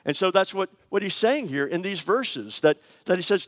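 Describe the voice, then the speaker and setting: A middle-aged man preaching a sermon, telling personal stories in a conversational, animated way with frequent fillers. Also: high voice, moderate pace, few pauses. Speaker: pastor. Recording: long hall reverb.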